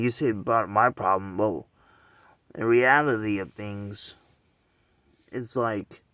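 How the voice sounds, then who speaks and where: A man's voice: medium pitch, a bit bright, dry recording. A man talking straight to the camera in a loose, rambling monologue, circling back again and again with rhetorical questions and "you know what I'm saying.".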